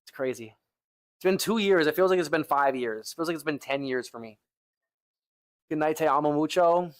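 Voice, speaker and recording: Chatting with his stream between lifts, a young man at the gym keeps it laid-back and says "bro" and "like" constantly. His arms are tired and he sighs between sets. He speaks at a normal speed in a voice on the high side.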